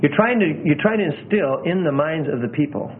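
A man teaching how to preach, earnestly showing emphasis and pauses with his own voice. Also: a little high, lively intonation, a little hiss or hum. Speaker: preaching instructor. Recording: tinny phone-like sound.

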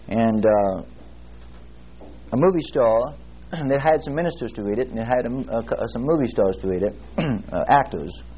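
A man teaching a Bible class, praying and telling a story in an earnest, halting way, with frequent fillers and restarts. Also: medium pitch, lively intonation. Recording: muffled lo-fi recording with faint hiss.

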